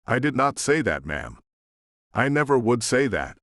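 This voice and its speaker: A man's voice: medium pitch, big pitch swings, unhurried, a bit bright, dry recording, clean studio sound, voice pushed up. A man voicing a nervous, apologetic female spa worker in an audiobook. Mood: pleading. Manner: pleading, nervous. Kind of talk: audiobook narration.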